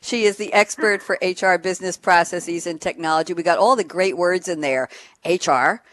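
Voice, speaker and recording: A woman's voice: fairly low pitch, normal speed, fairly bright tone, no room sound. Dry, upbeat woman radio host. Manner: enthusiastic, emphatic, frequent laughs. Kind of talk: lively panel introduction.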